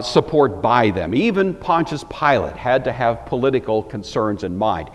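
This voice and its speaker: A man lectures on a Bible passage in a relaxed, conversational way, thinking aloud and adding asides as he goes. His pitch moves up and down freely. The sound carries the long reverb of a large hall. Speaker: Bible teacher.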